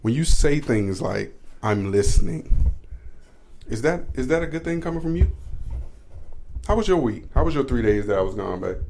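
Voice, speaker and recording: Lively-voiced joking podcast husband. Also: male voice, medium pitch, a little fast, creaky. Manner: loose, joking, teasing. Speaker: podcast co-host. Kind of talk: casual chat.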